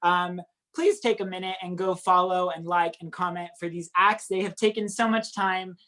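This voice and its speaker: Upbeat woman hosting an online comedy show, lower voice, reads out comments. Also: steady tone, normal speed, fairly bright tone. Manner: upbeat, laughing, reading out comments. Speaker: show host.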